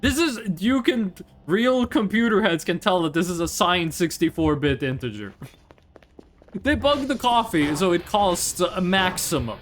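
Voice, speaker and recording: Give me a young man streaming a game, chatty and profane, with a bright, animated voice. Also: sits high, measured pace. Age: 20s. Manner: chatty and profane, joking with chat. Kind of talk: casual live game commentary.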